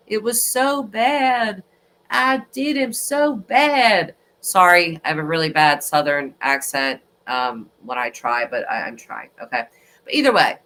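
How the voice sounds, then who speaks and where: A woman hosts a true crime livestream in a loose, chatty way. She rambles and restarts often, and her voice sounds bright and clear. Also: sits low. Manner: rambling, animated, with frequent restarts. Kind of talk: casual chat.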